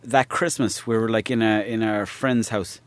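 A man's voice: lowish voice, steady tone, moderate pace, dry recording. Rambling Irish man swapping stories. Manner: rambling, swears freely, laughs through his stories. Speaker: guest, actor and comedian. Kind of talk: casual anecdotal storytelling.

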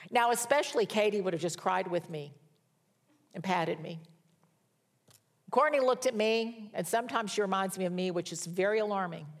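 A woman's voice: mid-range voice, moderate pace. An older woman preaching a sermon in a conversational, folksy storytelling manner with wry humor. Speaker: pastor.

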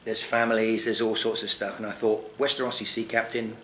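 A man telling a long anecdote in casual chat, animated, swearing often and laughing. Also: lowish voice, a little fast, roomy sound, a little hiss or hum. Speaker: guest actor. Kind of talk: casual storytelling.

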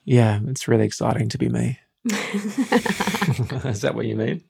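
A man's voice: medium pitch, very animated, a little slow, creaky, a little mellow, slightly rough, no room sound, studio quality. A man co-hosting a podcast with his wife, telling stories with self-mocking humour. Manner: joking, self-mocking storyteller. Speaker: co-host, husband. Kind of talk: casual podcast chat.

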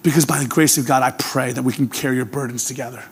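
A male pastor preaching a sermon, earnest and personal, swinging from emphatic calls to hushed, tender appeals. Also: medium pitch, steady tone, fast, breathy edge. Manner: earnest, swings from emphatic to hushed, repeats "can I tell you". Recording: long reverb of a large hall.

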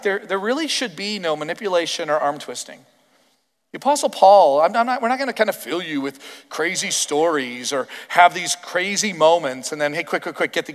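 A Canadian man preaching a sermon as pastor, emphatic and animated, firing off rhetorical questions. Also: sits high, in a large hall.

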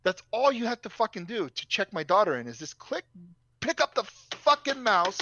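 A man's voice: high-pitched, big pitch swings, moderate pace, creaky, muffled recording, background noise. A young man telling a story in a casual, profane, ranting way.

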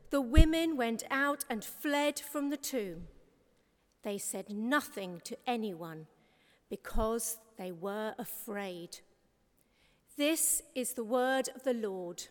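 Lay reader, woman; slow deliberate reading, high and expressive, church reverb. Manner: measured, careful reading. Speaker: scripture reader. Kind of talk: reading scripture aloud.

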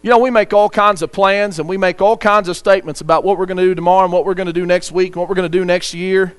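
A man's voice: high-pitched, fairly even intonation, fast talker, clean tone. A man preaching a sermon, earnest, reading scripture aloud and telling a story to the congregation.

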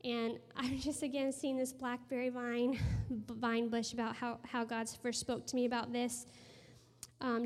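A woman in her thirties giving an earnest sermon testimony and prayer to a room, telling stories and dropping to a hushed voice for emphasis. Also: a little high, completely flat delivery, a little slow. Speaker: speaker sharing a testimony. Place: room with a gathered audience. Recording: long hall reverb.

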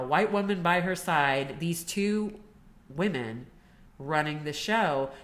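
A woman with a notably low voice co-hosts a podcast in relaxed conversation. She tells stories with energy, and she laughs easily between her points. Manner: chatty, animated storytelling with laughs. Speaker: podcast co-host. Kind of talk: casual chat.

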